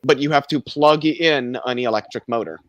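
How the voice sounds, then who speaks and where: A man's voice: mid-range voice, moderate pace, a bit bright, no echo. A man on a casual panel chat, lecturing playfully and pedantically about correct terms. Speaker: co-host.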